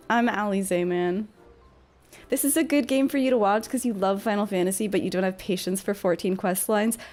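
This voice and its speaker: A woman's voice: medium pitch, darkish tone. Chatty, foul-mouthed young woman streamer. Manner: chatty, swears freely, answers chat. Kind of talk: casual gaming commentary.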